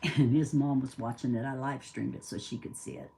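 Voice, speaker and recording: A woman's voice: a bass voice, fairly even intonation, brisk, gravelly, warm tone. An older woman recounts a memory in plain, everyday speech. She rambles a little and keeps things casual and conversational. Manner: chatty, rambling, acts out dialogue. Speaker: storyteller. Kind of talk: casual spoken storytelling.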